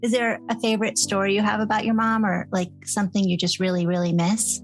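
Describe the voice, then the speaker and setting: A woman interviewing a guest, asking gentle, curious questions. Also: mid-range voice, little pitch movement, fast, soft background music.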